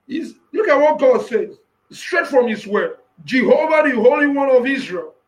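A man preaching an impassioned sermon, breaking into shouted bursts and often repeating and restarting his phrases. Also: very high-pitched, big pitch swings, moderate pace, poor audio.

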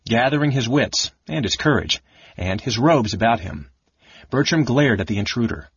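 A man reading a fantasy novel aloud as narrator, in an even, measured way. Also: mid-range voice, husky, no room sound, muffled recording. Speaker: audiobook narrator.

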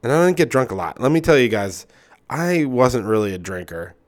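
A man hosts a podcast, rambling through loose personal stories in casual chat, swearing often and using lots of fillers. His mid-range voice is sing-song and brisk.

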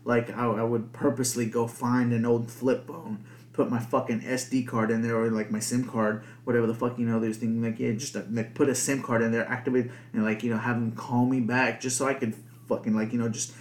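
Young dude podcasting solo, lots of likes and f-words, kinda roomy echo. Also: male voice, medium pitch, little pitch movement, a little fast. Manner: rambling, heavy swearing and filler words. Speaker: podcast host. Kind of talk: casual podcast monologue. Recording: echoey room.

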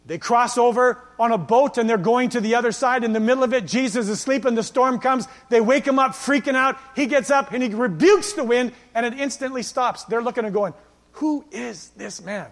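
A male pastor preaching a sermon, telling stories in a lively way and acting out the lines he quotes. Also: very high-pitched, a little fast, hardly any pauses. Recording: long reverb of a church hall.

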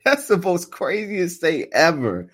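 A man doing casual live play-by-play of a football game, trash-talking and laughing, swinging from muttered asides to loud outbursts. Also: high voice, sing-song, unhurried. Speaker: live sports commentator and streamer.

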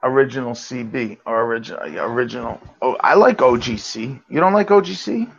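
A man's voice: mid-range voice, fairly quick, creaky, a bit bright, slightly rough, muffled recording. A man in casual livestream banter, teasing and rambling.

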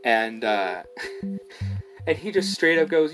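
A man's voice: mid-range voice, slow pace, soft background music. A man co-hosting a podcast, casually telling a story and acting out what other people said. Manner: animated storyteller, acts out others' lines. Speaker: podcast co-host. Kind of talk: casual chat.

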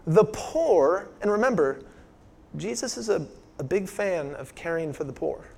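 A man preaching a sermon in a conversational style, asking the congregation rhetorical questions and dropping his voice soft for emphasis. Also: high voice, expressive, measured pace, gravelly, a little hiss or hum. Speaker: pastor.

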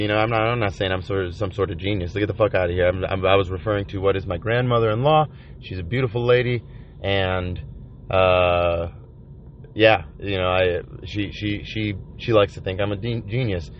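A man vlogging from inside a van by the ocean, rambling in a profane, halting confessional monologue full of restarts. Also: fairly low pitch, a little hiss or hum. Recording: dull lo-fi recording.

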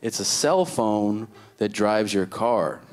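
A man voicing his dim-witted adult cousin, who is stubborn and easily offended, talking in a flat, slow, sulky way. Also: fairly low pitch, background noise. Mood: boastful.

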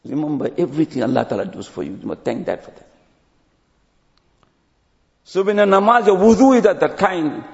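Imam, male, high and lively sermon voice; dull recording in a reverberant hall. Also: fairly quick, pauses often. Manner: storytelling, drops to low quiet tones at ends of phrases.

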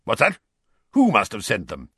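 A man voicing a blustering, bullying middle-aged uncle in an audiobook reading, loud and accusing. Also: lowish voice, huge pitch swings, normal speed, slightly rough, no room sound, clean studio sound, heavily acted.

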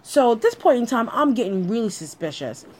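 Animated, profane woman storyteller. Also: fairly high pitch, brisk. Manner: animated, profane, addresses listeners directly.

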